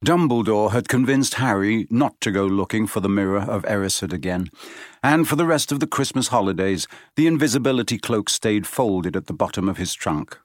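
A man's voice: fairly low pitch, no echo. Man reading an audiobook, dry close sound. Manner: measured, steady storytelling. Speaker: audiobook narrator. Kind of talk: scripted audiobook narration.

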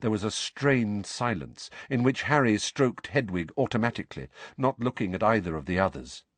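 Expressive male audiobook narrator. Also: lowish voice, no echo. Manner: measured and expressive. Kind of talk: scripted narration.

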